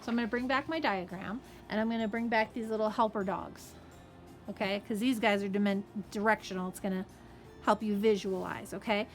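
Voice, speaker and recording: A woman's voice: medium pitch, fairly even intonation, a little fast, faint music behind. A woman who runs a fabric shop, explaining a sewing project in a chatty, casual way and checking in with "okay?" as she goes. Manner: chatty, friendly asides, frequent "okay?" and "right?".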